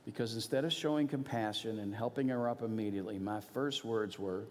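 A middle-aged male pastor preaching a sermon, telling a personal story earnestly, moving between animated emphasis and hushed, quiet moments. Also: on the low side, brisk, few pauses. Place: church. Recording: long hall reverb.

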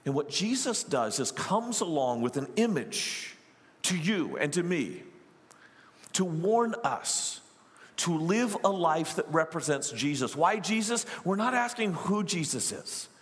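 A male pastor delivers a storytelling sermon in a high voice that leaps up and down with feeling. He talks in animated bursts and quick asides, and a long hall reverb trails after his words.

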